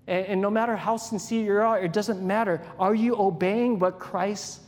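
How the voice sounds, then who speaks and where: A man's voice: high-pitched, steady tone, normal speed, a little mellow, long reverb tail. A man preaching a sermon in a conversational way, asking the congregation questions and acting out everyday examples. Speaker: pastor.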